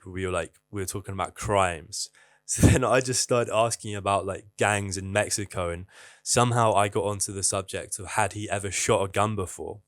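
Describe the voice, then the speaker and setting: Young guy, candid vlogger, low-pitched, dry close sound, swears casually. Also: no echo. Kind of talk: casual advice monologue.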